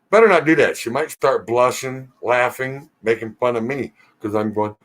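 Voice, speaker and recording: A man hosting a casual live Q&A stream, reading viewer comments aloud and teasing regulars in a relaxed, joking way. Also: medium pitch, moderate pace, hardly any pauses.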